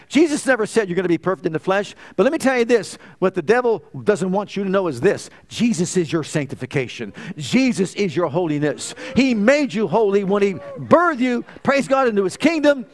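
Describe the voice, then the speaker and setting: A man preaching a sermon, swinging from soft, hushed retellings to fervent, emphatic declarations. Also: high-pitched, animated, a little fast, few pauses.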